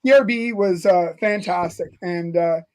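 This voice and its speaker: A man with a notably high voice hosts a casual podcast chat. He tells stories in a loose, rambling way, circling back and restarting as he goes. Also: normal speed, darkish tone. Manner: rambling storyteller with many fillers and restarts. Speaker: podcast host.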